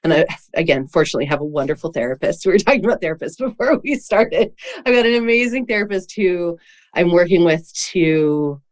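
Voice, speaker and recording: A woman's voice: lowish voice, lively intonation, fairly quick. A woman hosts a podcast in a casual, reflective way. She laughs easily as she shares her own experience. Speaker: podcast host and coach.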